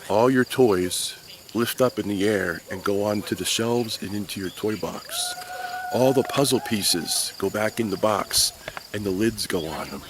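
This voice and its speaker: Man, Sunday school teacher, animated storytelling, crickets outside. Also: on the low side, moderate pace, background noise. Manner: animated, playful storyteller addressing kids. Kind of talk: children's Bible lesson. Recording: faint crickets outdoors.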